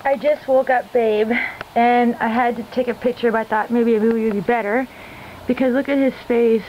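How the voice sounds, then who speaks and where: A woman's voice: a little high, steady tone, normal speed, highs cut off, a little hiss or hum. A woman filming a casual vlog in a hotel room, talking in a cooing, doting way to her cat and laughing often. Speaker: vlogger and cat owner. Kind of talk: casual home-video vlog.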